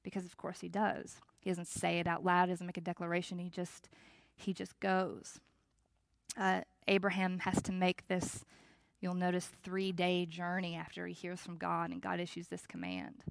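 A woman pastor giving a reflective, conversational sermon with measured pauses. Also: on the low side, gravelly, dry recording.

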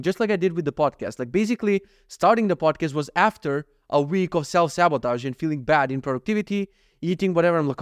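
A young man hosts his own podcast in a rambling, profanity-laced confessional. He speaks rapidly in a slightly raised register and keeps turning criticism on himself. The recording is close and dry, with no room sound. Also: fairly high pitch, clean tone, no room sound. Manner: rambling and self-critical, heavy swearing. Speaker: podcast host. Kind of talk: candid confessional monologue.

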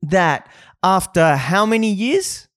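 Male podcast co-host, higher voice, dry close mic, loose swearing banter. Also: animated, takes it slowly, fairly bright tone, no echo. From Australia. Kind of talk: casual podcast chat.

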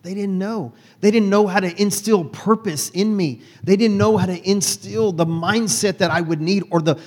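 Folksy man telling his life story. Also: sits high. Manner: folksy, animated. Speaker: speaker. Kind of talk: personal storytelling talk.

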